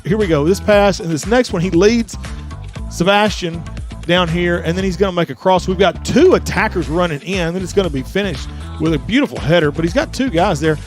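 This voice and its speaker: A man's voice: sits high, a little fast, soft background music. A man giving sports commentary from a stadium press box, out of breath, talking with eager, rambling enthusiasm and frequent restarts. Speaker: color commentator.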